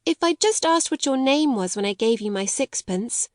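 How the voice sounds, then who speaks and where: A woman's voice: high voice, expressive, normal speed, a little mellow, no echo, clean studio sound, pitched above the performer's own voice. A woman reading the part of a young boy, earnest and self-reproachful. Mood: regretful. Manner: earnest, regretful.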